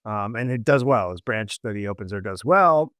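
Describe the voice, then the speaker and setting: A man hosting a comedy podcast, retelling a history story casually with halting restarts. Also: on the low side, lively intonation, fairly bright tone, dry recording, clean studio sound. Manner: halting, many restarts and fillers.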